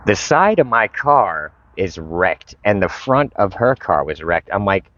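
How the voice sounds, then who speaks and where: A man's voice: deep voice, very animated, measured pace, hardly any pauses, fairly bright tone, no room sound. A man vlogging, telling a frustrated, profane story and retelling his conversations with others. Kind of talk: casual storytelling rant. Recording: dull lo-fi recording.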